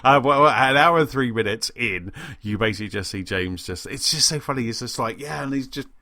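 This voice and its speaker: Chatty man, bright-toned podcast host. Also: mid-range voice, expressive, a little fast, no room sound, clean studio sound. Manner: chatty, laughs often while telling a story. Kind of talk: casual podcast chat.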